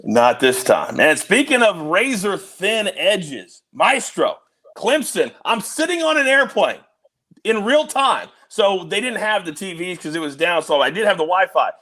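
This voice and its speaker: A man hosting a sports betting show, excitable and teasing, talking over a remote link. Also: high voice, unhurried. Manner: excitable, teasing, big swings in loudness. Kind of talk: energetic podcast hosting. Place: on the road, remote.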